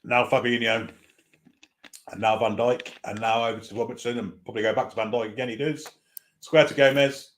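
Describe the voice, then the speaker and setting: Male fan commentator, steady mid pitch, partisan running play-by-play. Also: a little hiss or hum. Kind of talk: live watchalong commentary.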